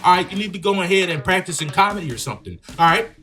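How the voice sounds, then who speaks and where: Joking, higher-voiced gaming commentator. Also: male voice, lively intonation, racing, sharp tone, faint music behind. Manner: joking, slangy, riffing on the story. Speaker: gaming YouTuber. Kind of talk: playthrough commentary with read-out game dialogue.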